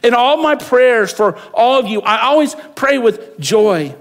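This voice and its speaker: High-voiced man preaching in a reverberant hall. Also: expressive, a little slow. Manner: storytelling, acts out quotes loudly. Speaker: pastor. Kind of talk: sermon.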